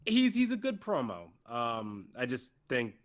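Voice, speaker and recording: A man in a middle pitch recapping a wrestling show for a co-host. He talks loosely and swears. He acts out wrestlers' lines for laughs. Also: wildly swooping pitch, measured pace, crowd noise. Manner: recaps events, mimics wrestlers jokingly, swears. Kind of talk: casual podcast chat.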